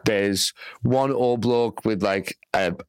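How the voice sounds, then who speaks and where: A man's voice: lowish voice, slow pace, smooth, dry recording, rough recording. A young Australian man, a comedian, telling a rambling, profane story full of "like" fillers. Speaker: comedian guest. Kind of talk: casual storytelling chat.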